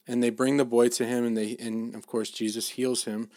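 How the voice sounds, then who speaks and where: A middle-aged dad giving an informal sermon in a casual, halting way, with many restarts and fillers. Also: male voice, medium pitch, level tone, a little mellow, no echo, studio quality. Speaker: dad giving a faith talk.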